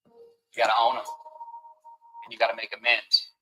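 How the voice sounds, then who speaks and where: A man's voice: lowish voice, completely flat delivery, moderate pace, bright, forceful tone, soft background music, poor audio. A man giving an emphatic, preachy motivational talk at a table, now and then acting out the voices of the people he quotes. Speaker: motivational speaker. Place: at a table with a camera crew.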